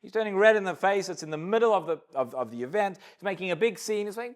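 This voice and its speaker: A man's voice: sits high, very animated, fast. A rabbi teaching a Talmud class, explaining the story step by step and acting out the dialogue, often repeating little words as he starts a sentence. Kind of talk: Talmud lecture to a live class.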